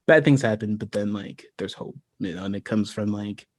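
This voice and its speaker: An American man who created a fantasy world chats about it on a livestream, his fairly low voice moving at normal speed. He's relaxed and rambling, saying "like" a lot and laughing often. The recording has no room sound.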